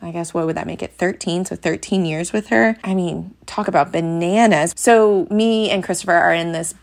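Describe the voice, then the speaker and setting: Chatty young mom with a lowish voice. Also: female voice, moderate pace, vocal fry. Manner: chatty, frank, acts out quotes in a bright higher voice. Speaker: parenting podcast host. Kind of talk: casual chat.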